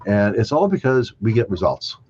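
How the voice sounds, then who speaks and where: An older man, a chiropractor guest, telling lively anecdotes in an interview, acting out the other people in his stories and chuckling along. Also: lowish voice, normal speed, breathy edge. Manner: animated anecdotes, acting out quoted voices, chuckling. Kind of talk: storytelling interview. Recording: dull lo-fi dry sound.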